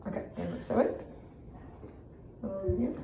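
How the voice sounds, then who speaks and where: A woman's voice: mid-range voice, moderate pace, warm tone. A young woman teaching a reading lesson, upbeat and encouraging with her students. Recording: echoey room with clear background noise.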